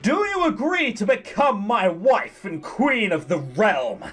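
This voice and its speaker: A man reading the lines of a courteous young prince in a formal, measured way. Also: high-pitched, big pitch swings, fairly bright tone, breathy edge, voice pushed up, full character voice. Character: earnest young male prince, poised and courteous.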